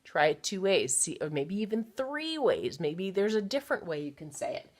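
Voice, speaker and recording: A woman's voice: on the low side, very animated, moderate pace. A woman teacher giving a recorded phonics lesson to children, patiently sounding out words and encouraging them.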